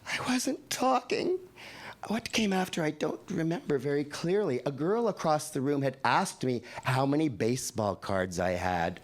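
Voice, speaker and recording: A man's voice: fairly high pitch, lively intonation, moderate pace, hardly any pauses. A man in his sixties from Canada performing wry, profane poetry on a live venue stage into a handheld microphone. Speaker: poet.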